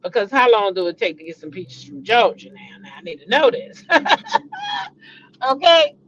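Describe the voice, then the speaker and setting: A middle-aged woman hosting a casual celebrity gossip vlog, talking to her viewers in an animated, dramatic, chatty way. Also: mid-range voice, normal speed, slight background noise. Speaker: vlogger, show host. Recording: dull lo-fi recording.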